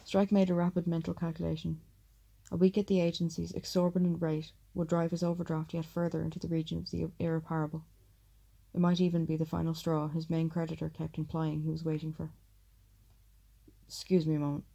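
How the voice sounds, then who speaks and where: A woman narrating an audiobook in a measured, steady reading voice. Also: deep voice, vocal fry, breathy edge.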